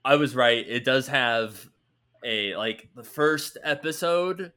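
Bright-voiced man in casual podcast chat. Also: mid-range voice, takes it slowly. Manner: swears freely, animated storytelling. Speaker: podcast co-host.

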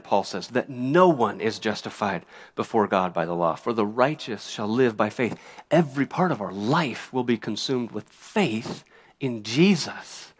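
Earnest man preaching a sermon. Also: medium pitch. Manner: earnest preaching, reads scripture aloud, rises and falls in intensity. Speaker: pastor.

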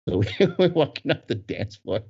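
Animated man telling a story, lo-fi sound. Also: lowish voice, a little fast, gravelly, breathy edge. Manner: animated, laughing, acts out quoted voices. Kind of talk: casual storytelling. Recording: dull lo-fi recording.

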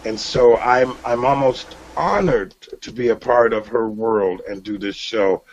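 An earnest middle-aged man hosts a faith talk show, his voice sitting at an ordinary pitch. He speaks in a preacherly way, often restarting his sentences. The sound is dull and lo-fi, like an older broadcast recording. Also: unhurried. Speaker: radio show host. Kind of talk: emotional personal testimony and show sign-off.

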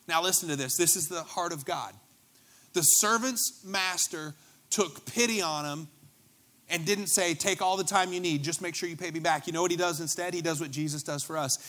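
A young man delivers a sermon with a bright, slightly high voice. He talks the way he would in conversation, full of quick asides and humor as he works through scripture. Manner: animated, conversational preaching with asides and jokes. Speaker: pastor.

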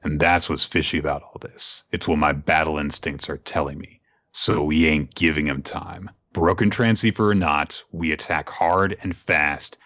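A man voicing a ruthless male military commander who gives gruff, clipped battle orders. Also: rumbling low, steady tone, normal speed, bright, forceful tone, highs cut off, voice pushed down, heavily acted. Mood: grim resolve.

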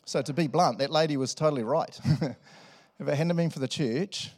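A middle-aged man with a New Zealand accent preaching a sermon in a relaxed, conversational way, laughing often and tagging lines with "eh" and "right". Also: a little high, moderate pace. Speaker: pastor. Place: church hall with congregation.

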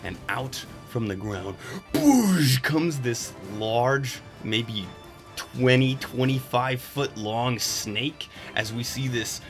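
A man's voice: mid-range voice, slow, fairly bright tone, faint music behind. A man narrating a tabletop game as game master, casual and laughing at times.

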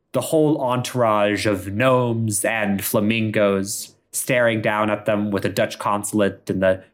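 Man narrating improv comedy, animated. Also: lowish voice. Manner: animated, laughing, theatrical. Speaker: podcast host.

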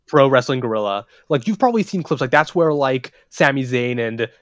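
A man in casual podcast chat, animated and profane, filling his talk with "like". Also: medium pitch, brisk, no echo. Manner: animated, profane, says "like" a lot. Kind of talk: casual chat about wrestling.

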